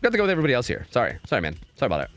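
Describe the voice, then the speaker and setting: A man casting game scrims on a live stream in a casual, chatty way, often repeating words in quick bursts. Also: mid-range voice, wildly swooping pitch, fairly bright tone, faint music behind.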